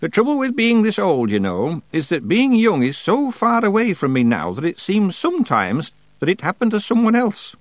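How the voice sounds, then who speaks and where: A very old, stern witch speaks crisply and imperiously, as a man puts her on. Her lifted voice swings with lively pitch. The recording is dry and close. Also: normal speed, few pauses, dry recording. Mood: weary.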